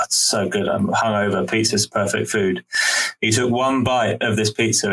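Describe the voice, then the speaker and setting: A man's voice: on the low side, a bit bright. A man co-hosting a podcast, telling a rambling story with many ums over a video call. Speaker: podcast co-host. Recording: distant mic in home room.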